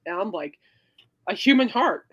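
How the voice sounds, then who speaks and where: A woman hosting a casual podcast, rambling through an animated story with many fillers and dramatic re-enactments of her own reactions. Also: mid-range voice, moderate pace, dull audio. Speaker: podcast host. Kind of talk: casual rambling livestream chat.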